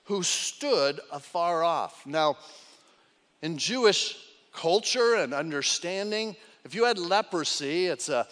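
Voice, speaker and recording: A man preaches in a high, slow, deliberate voice, rising into loud cries and dropping to near hushes. His words ring out with a long reverb, as in a church sanctuary. He leans hard into each phrase as a pastor does. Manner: dramatic, swings from loud cries to hushed lines. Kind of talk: sermon.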